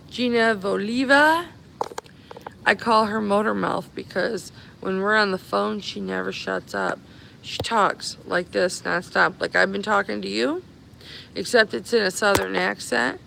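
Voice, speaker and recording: A woman's voice: mid-range voice, vocal fry, background noise. A woman live-streaming on her phone from an airport, chatting affectionately with her followers and calling them honey. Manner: chatty, affectionate, calls viewers babies and honey. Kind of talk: casual live-stream chat. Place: airport, stranded after a cancelled flight.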